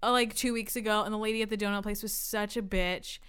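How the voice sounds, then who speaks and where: A woman's voice: medium pitch, steady tone, quick pace, fairly bright tone, clean tone. A young woman co-hosting a podcast, rambling through self-deprecating stories in a casual chat with her friend. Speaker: podcast co-host.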